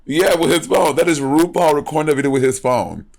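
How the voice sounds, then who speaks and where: A man's voice: on the high side, fairly quick, creaky, darkish tone. A man co-hosting a podcast, bantering in a brash, profane way. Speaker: podcast co-host. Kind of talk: casual chat.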